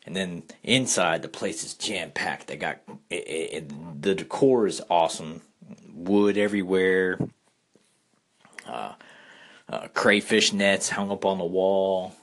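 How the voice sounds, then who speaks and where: A man's voice: sits low, steady tone, takes it slowly, a bit bright. A man casually telling a rambling personal story, full of restarts and fillers. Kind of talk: casual anecdote.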